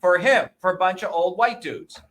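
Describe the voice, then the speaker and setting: A man in his sixties, a guest in an interview, talking in a combative, profane and emphatic way, often pausing to ask "okay?" or "you see?". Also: sits high, lively intonation, fairly bright tone. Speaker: interview guest, presidential candidate.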